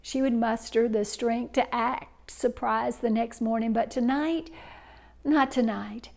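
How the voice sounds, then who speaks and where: Slow, high-voiced woman storyteller. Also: gravelly. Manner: expressive, dropping to near whispers. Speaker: inspirational speaker. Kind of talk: inspirational storytelling.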